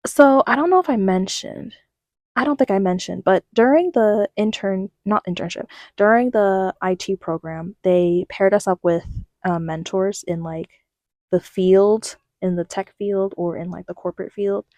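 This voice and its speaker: Chatty young woman, mellow and dry. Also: medium pitch, moderate pace, no echo. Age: young adult. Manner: animated storytelling, many fillers, quotes herself. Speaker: vlogger. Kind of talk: casual chatty life update.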